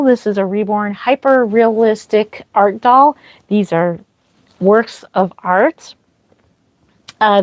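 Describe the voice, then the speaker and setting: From a home nursery, a reborn doll artist hosts a livestream in a mid-range voice on a dry recording. She wears a microphone, chats with her audience, thanks people by name, and uses lots of fillers, her throat sounding slightly dry.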